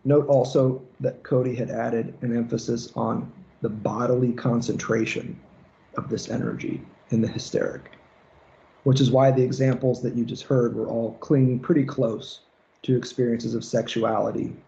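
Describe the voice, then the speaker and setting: A man's voice: mid-range voice, normal speed, vocal fry, dark tone, highs cut off. A man giving a casual seminar lecture, loose and profane, slipping into mocking rants to make a point. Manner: casual, swears freely, acts out mocking rants. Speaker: lecturer on psychoanalysis.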